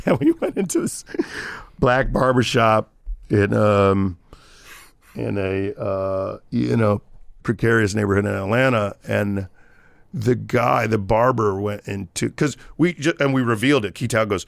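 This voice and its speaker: A man's voice: lowish voice, moderate pace, creaky, fairly bright tone, no room sound, studio quality. A man guest on a podcast, telling a story in a rambling, casual way with many fillers. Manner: rambling, lots of "like" and restarts.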